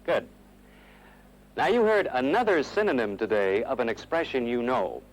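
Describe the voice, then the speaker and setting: A man narrating a scripted English lesson from a 1970s course film, modelling phrases slowly and clearly for learners to repeat. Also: medium pitch, lively intonation, rough recording.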